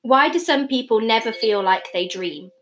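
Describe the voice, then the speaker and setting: Young woman, high voice, rambly giggly podcast chat. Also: expressive, normal speed, a bit bright, reverberant, slight background noise. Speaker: podcast co-host. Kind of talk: casual chat.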